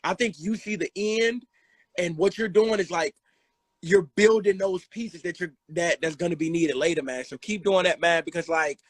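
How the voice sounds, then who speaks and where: A man hosting a casual talk, emphatic and sometimes dropping into a low, earnest tone. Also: moderate pace, no room sound. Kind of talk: casual chat.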